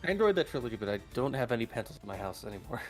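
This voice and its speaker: A man's voice: mid-range voice, big pitch swings, rapid-fire, soft background music. A man co-hosting a card game stream, chatting casually and often restarting his sentences.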